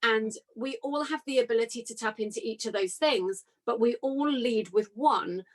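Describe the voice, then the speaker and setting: A woman hosting a podcast, talking in an enthusiastic, animated way in casual conversation with her guest. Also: on the high side, normal speed. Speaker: podcast host.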